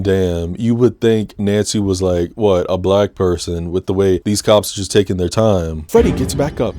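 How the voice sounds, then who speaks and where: A man hosting a casual movie recap, animated and full of joking asides. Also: fairly low pitch, background noise. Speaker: host.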